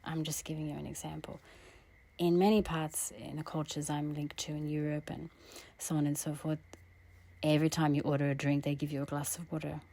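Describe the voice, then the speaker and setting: A woman astrologer and tarot reader in an earnest, heartfelt spiritual monologue who often drops into a breathy half-whisper. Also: low voice, level tone, a little fast, mellow. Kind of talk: reflective spiritual monologue with a personal story.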